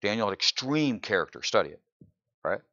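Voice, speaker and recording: A pastor preaching a sermon in church, often asking the congregation "right?" and building to loud, incredulous exclamations. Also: male voice, lowish voice, fairly quick, no room sound, lo-fi sound. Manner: animated preaching, frequent "right?" asides to the congregation.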